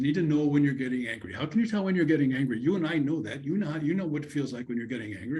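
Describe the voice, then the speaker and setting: A man's voice: mid-range voice, darkish tone. A man giving an online conference lecture on counseling students, talking conversationally and acting out what a student and a counselor would say. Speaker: conference presenter. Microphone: video call.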